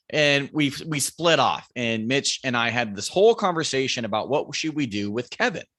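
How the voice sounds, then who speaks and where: Bright-voiced man telling a hunting story. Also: mid-range voice, moderate pace, no echo. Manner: animated, swears freely, raises his voice when quoting friends yelling. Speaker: podcast guest, bow hunter.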